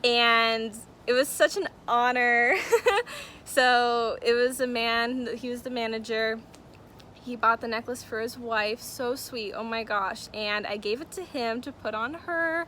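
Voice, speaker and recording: Bright-voiced young woman vlogger. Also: fairly high pitch, steady tone, measured pace, slight background noise. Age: young adult. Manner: chatty, emotional, many fillers. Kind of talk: casual story-time vlog.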